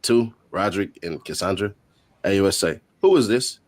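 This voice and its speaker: Guy with a lowish voice reading off court notes, tossing in jokes. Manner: reads quotes aloud, adds quick joking asides. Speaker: host. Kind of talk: reading court transcript updates.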